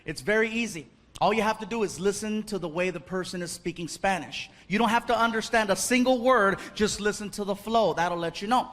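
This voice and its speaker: A man doing stand-up comedy, telling stories in an animated way and acting out characters with quick bursts of Spanish. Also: high-pitched. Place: comedy club stage. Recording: loud live crowd and noise.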